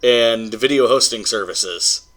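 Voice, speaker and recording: A man's voice: medium pitch, takes it slowly, fairly bright tone. A man co-hosting a casual podcast, upbeat and jokey, steering the talk. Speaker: podcast co-host. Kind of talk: casual chat.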